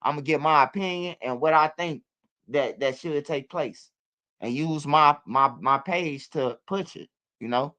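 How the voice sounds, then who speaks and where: Male street-news commentator: slangy and profane, rambling, fairly high and smooth. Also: measured pace, pushed and bright.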